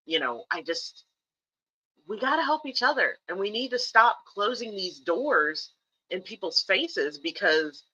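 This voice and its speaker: A woman's voice: on the low side, bright, forceful tone, muffled recording. A woman from the United States hosting a livestream, giving candid, emphatic advice and repeating key phrases for stress. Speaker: streamer host. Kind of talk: casual livestream talk, earnest advice.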